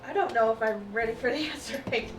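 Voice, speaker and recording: A woman's voice: a little high, fast talker. Woman player heard from afar. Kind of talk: casual tabletop play. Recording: distant mic, roomy, loud background noise.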